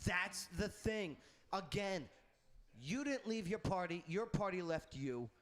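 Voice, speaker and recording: A man's voice: high-pitched, big pitch swings, slow pace, fairly bright tone. A man hosting a political panel discussion, talking emphatically and repeating his points. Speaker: talk show host.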